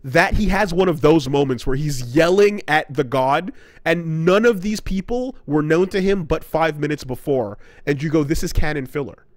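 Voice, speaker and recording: A man co-hosting a casual podcast, ranting with profanity and jumping into quick high-pitched impressions of characters. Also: no echo, clean studio sound. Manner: animated, profane, acts out character quotes in sudden high voices. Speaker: podcast co-host.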